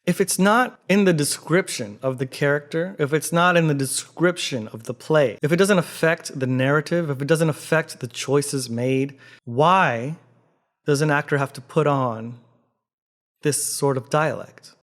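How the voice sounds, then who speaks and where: A man's voice: fairly high pitch, measured pace, fairly bright tone. A man from Canada, a theatre actor, talking earnestly in a reflective vlog and posing many rhetorical questions. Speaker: theatre actor and video host.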